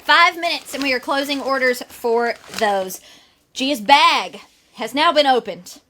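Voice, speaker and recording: Young woman, high and bright, bantering live-stream seller. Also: unhurried, slight background noise. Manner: playful, bantering. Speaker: guest autograph seller. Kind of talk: live stream sales chat.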